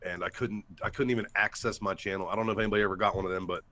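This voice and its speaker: Rapid-fire and pushed, his lowish, steady voice has a bright edge as this guest YouTuber swears his way through a blunt, casual story on a livestream call-in show, heard through a headset or desktop mic.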